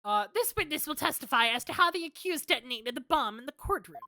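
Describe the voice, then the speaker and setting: A woman's voice: high-pitched, expressive, quick pace, bright, forceful tone, a little hiss or hum, voice pushed up. A woman voicing a smug, pompous male prosecutor in a courtroom game. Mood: haughty.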